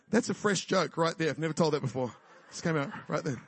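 High-voiced joking preacher. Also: male voice, animated, fairly quick, slightly rough, no room sound. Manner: jokey, conversational preaching with frequent "right?" and laughs. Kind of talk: sermon.

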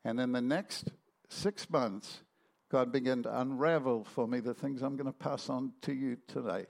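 A man's voice: medium pitch, moderate pace, creaky. A man preaching a sermon, telling stories animatedly and acting out the voices in them.

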